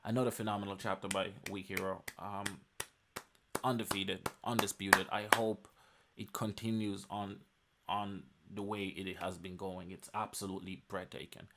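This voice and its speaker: A man's voice: deep voice, flat delivery, moderate pace, heavy background noise. A man reviewing a webtoon chapter in an enthusiastic recap, emphatic and repeating phrases for emphasis.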